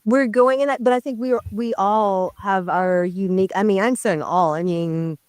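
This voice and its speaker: A woman's voice: medium pitch, normal speed, darkish tone, smooth, no room sound. A woman actress, earnest and reflective, answering questions in a press interview. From Indigenous community in North America. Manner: earnest, reflective, searching for words.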